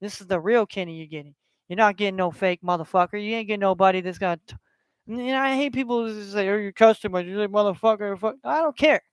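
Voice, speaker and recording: A man's voice: high-pitched, quick pace, clear, resonant tone, dry recording. A middle-aged man hosting his own sports livestream, talking bluntly with heavy cursing and lots of repetition, sometimes heated when he gets passionate. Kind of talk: solo livestream rant and score updates.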